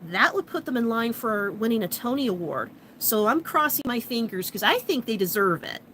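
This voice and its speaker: A woman's voice: fairly high pitch, moderate pace, a little hiss or hum, rough recording. Chatty woman telling a story. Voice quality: chatty, animated retelling with frequent likes and laughs. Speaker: vlogger. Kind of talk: casual storytelling vlog.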